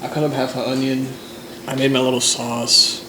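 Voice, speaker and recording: A young man talking casually to camera, relaxed and rambling, with many likes and uhs. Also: mid-range voice, normal speed. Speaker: vlogger. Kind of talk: casual vlog chat. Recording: faint background noise.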